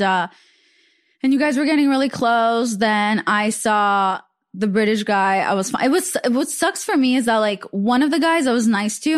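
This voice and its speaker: Chatty young woman, higher voice. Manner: chatty storytelling, many "like" fillers. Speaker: podcast host. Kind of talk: casual chat.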